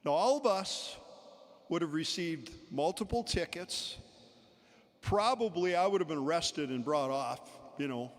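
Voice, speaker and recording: At a memorial service in a large indoor pavilion, a man gives a storytelling eulogy, chuckling between anecdotes. His voice is a little high and expressive, at a measured pace. Long hall reverb fills the large venue.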